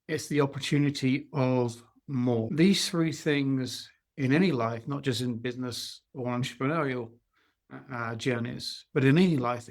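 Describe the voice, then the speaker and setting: A man hosting a podcast, reflecting on his guest's story in an emphatic, encouraging way. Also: mid-range voice. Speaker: podcast host. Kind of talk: interview chat.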